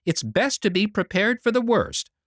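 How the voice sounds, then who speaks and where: A man's voice: sits high, very animated, normal speed, fairly bright tone, no room sound, studio quality, pitched above the performer's own voice. A man reading a storybook voices a grim, sour old woman with a scornful, pessimistic manner. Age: fifty-seven.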